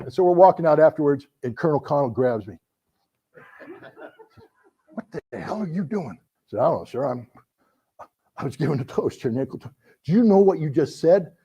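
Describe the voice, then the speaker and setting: A middle-aged man telling a story to an audience, animated, acting out the voices in his anecdotes. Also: mid-range voice, slightly rough. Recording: dull lo-fi recording.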